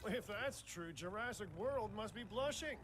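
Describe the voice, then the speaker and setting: A man's voice: sits high, expressive, normal speed, fairly bright tone, soft background music. An actor playing a wisecracking male park staffer in a video game, speaking sarcastically. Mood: wry. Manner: sarcastic, joking.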